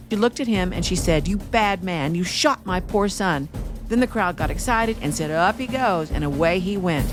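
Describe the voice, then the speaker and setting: A woman hosting a history podcast, telling an old outlaw story in a steady way with wry asides. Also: fairly low pitch. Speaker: podcast host.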